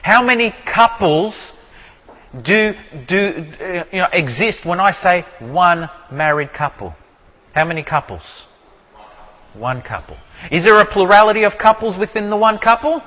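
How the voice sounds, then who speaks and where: A man teaching from the Bible, explaining with repeated rhetorical questions and slowing down to stress key words. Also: high-pitched, in a large hall, muffled recording. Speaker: preacher.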